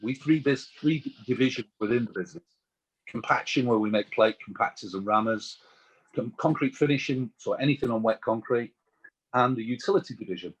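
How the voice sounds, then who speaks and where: A British man, a business owner as interview guest, telling anecdotes in a chatty, animated way. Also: mid-range voice, a little fast, slightly rough, muffled recording.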